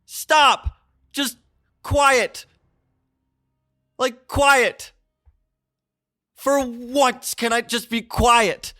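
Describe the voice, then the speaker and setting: A man's voice: very high voice, fairly even intonation, very slow, long pauses, sharp tone, voice pushed up, exaggerated voice. A man playing a young man who breaks down under the voices in his head, screaming and pleading. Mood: frantic.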